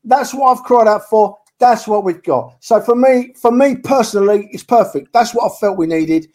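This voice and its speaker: A man's voice: sits high, normal speed, dark tone. A man co-hosting a fan podcast, passionate and emphatic, repeating his points. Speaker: podcast co-host. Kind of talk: casual podcast chat.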